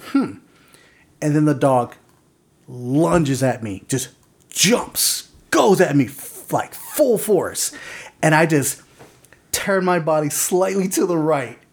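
A man hosting a casual podcast, telling stories in a rambling way with lots of fillers and chuckles. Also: fairly high pitch. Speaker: podcast host.

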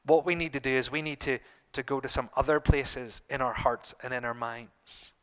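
A middle-aged man preaching a sermon to his congregation, earnest, repeating phrases and pausing for emphasis. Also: mid-range voice, steady tone, fairly bright tone, smooth. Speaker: pastor.

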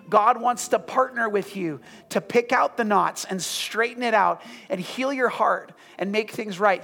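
A man preaching a sermon to a congregation, firing off emphatic questions and then dropping into soft, hushed prayer. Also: high voice. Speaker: pastor. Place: church room with congregation. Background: soft music.

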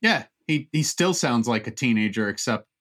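A man's voice: medium pitch, lively intonation, normal speed, a bit bright. A man co-hosting a podcast, chatting casually about music with many fillers and restarts. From Southern California. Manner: rambling, full of fillers and restarts. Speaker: podcast co-host.

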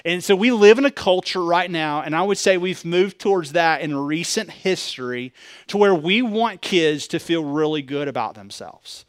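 Animated man preaching, high voice. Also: moderate pace, clear, resonant tone, dry recording, clean studio sound. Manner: animated preaching with rhetorical questions and bursts of loudness. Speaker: pastor. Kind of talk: sermon.

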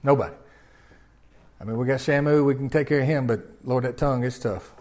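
A man preaching a sermon in a folksy way, swinging from loud emphatic peaks down to quiet low lines. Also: brisk. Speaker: pastor.

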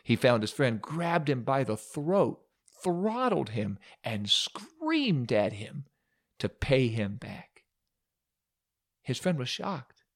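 A man's voice: medium pitch, big pitch swings, slow pace. Male preacher, dramatic sermon storyteller with wry asides.

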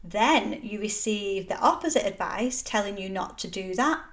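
A woman's voice: mid-range voice, expressive, moderate pace. A middle-aged woman hosting a solo motivational podcast, talking in an earnest, encouraging and emphatic way. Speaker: podcast host.

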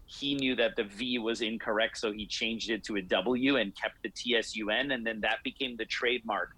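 Husky-voiced man explaining at length. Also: lowish voice, fairly even intonation, pushed and bright, poor audio. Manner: explanatory, measured, laughs easily. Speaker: martial arts teacher. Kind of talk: interview answers.

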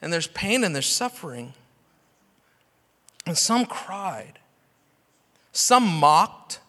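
A man's voice: on the high side, big pitch swings, very slow, sharp tone. A man preaching a sermon as pastor, passionate and full of rhetorical questions. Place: church sanctuary. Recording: long hall reverb.

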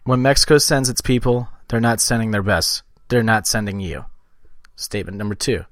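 A man's voice: on the low side, moderate pace, no echo, studio quality. A man hosting a podcast in casual chat, joking and swearing freely. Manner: joking, profane, lively. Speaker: podcast host.

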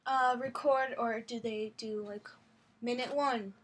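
A young woman co-hosting a podcast from home, chatting casually, laughing often and sounding drawn-out and tired. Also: a little high, steady tone, slightly rough. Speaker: podcast co-host. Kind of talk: casual chat.

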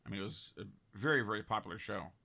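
A man's voice: fairly low pitch, expressive, quick pace, vocal fry, sharp tone. A man hosting a casual interview, rambling with lots of restarts and fillers. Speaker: host.

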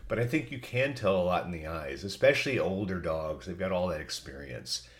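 A middle-aged man hosts a podcast alone and reads out listener answers. He has a cold and talks in a chatty, folksy way with asides. His voice sits a little low. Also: expressive, a little fast. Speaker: podcast host. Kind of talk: casual solo podcast reading listener answers.

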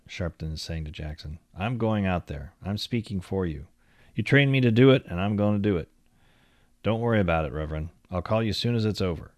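A man reading a long-form magazine feature aloud in a measured, literary storytelling manner. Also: sits low, no room sound, studio quality. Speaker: narrator.

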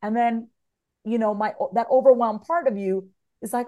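A woman speaks as an interview guest with a slightly high, bright voice. She is frank and animated, drops the odd curse word, and keeps the talk loose and conversational. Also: normal speed. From United States. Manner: frank, animated, swears casually. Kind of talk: casual podcast interview.

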